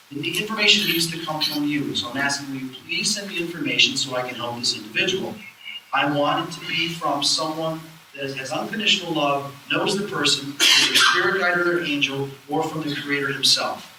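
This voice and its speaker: A man giving a live lecture to an audience, telling stories and acting out the voices he quotes. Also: on the high side. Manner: animated storyteller who acts out quoted voices. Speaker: lecturer on spirits and the afterlife. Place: lecture hall at a public event. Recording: roomy distant live-event recording with faint noise.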